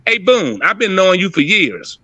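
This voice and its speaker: Profane, high-pitched animated man ranting. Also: normal speed, slightly rough, no echo. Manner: profane, emphatic, animated rant. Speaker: podcast co-host. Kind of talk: heated casual talk.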